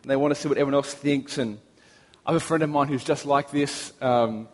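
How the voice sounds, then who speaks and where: A young Australian man preaching a sermon, telling relaxed, anecdotal stories with humor. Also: mid-range voice, brisk. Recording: long reverb of a large hall.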